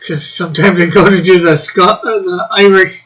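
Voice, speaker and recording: A man's voice: high-pitched, fairly even intonation, normal speed, fairly bright tone, poor audio. A man hosting a casual live-stream chat, reading viewer comments aloud and laughing often. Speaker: host.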